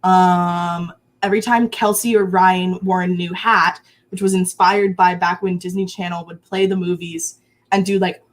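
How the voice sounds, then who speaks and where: A woman in her twenties, a guest in a casual chat, telling stories in an animated way with frequent laughs. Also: lowish voice, moderate pace. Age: 20s.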